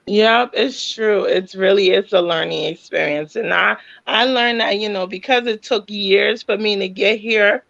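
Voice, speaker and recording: A woman's voice: medium pitch, unhurried, creaky, hardly any pauses, fairly bright tone, dull audio. A single mother hosting a casual chat, telling stories animatedly and laughing often as she acts out her own voice. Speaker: single mom podcast host.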